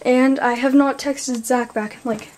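Breathless, high-voiced teenage girl vlogging. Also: a little slow. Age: teens. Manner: chatty, rambling, excitable. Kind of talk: casual vlog chat.

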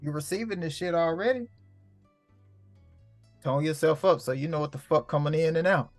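A man's voice: fairly high pitch, moderate pace, no room sound, soft background music. A man hosting his own show in a casual, profane monologue full of street slang, preaching and repeating lines for emphasis. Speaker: host.

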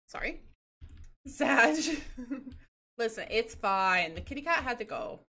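A woman's voice: a little high, expressive, slow pace, bright, forceful tone. A woman streaming a game, chatting casually and bubbly with her chat, laughing often.

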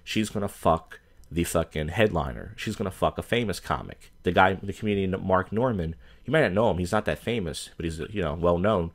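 A man's voice: low voice, brisk. A man, an open mic comedian, ranting to camera in a crude, rambling way, swearing constantly and full of fillers and restarts. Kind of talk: profane rambling rant to camera.

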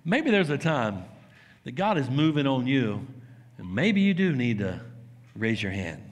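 A man preaching a sermon as pastor, telling stories with laughs and sudden shouts. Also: mid-range voice, measured pace. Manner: animated storytelling, laughs and shouts while acting out scenes. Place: church sanctuary. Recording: long hall reverb.

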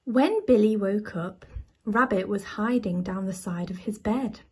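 A woman reading a children's picture book aloud as a bedtime story, soft and measured. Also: medium pitch, slightly rough.

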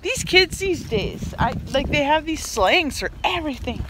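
A woman's voice: sits high, sing-song, normal speed, noisy background. A young woman chatting to the camera while hiking, a little out of breath, talking into her phone. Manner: chatty, laughs often, talks to camera. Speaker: vlogger. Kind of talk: casual vlog chat on a hike. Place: outdoors on a mountain trail. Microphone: handheld phone.

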